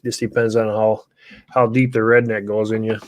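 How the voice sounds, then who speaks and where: A man's voice: lowish voice, little pitch movement, normal speed, no echo. A man, hosting a casual live chat and joking easily. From Wisconsin, USA. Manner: laughs often, easygoing joking. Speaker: host.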